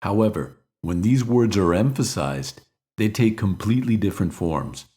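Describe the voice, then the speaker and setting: A man with an American accent teaching a scripted pronunciation lesson, speaking clearly and repeating examples slowly. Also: lowish voice, lively intonation, mellow. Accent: American English.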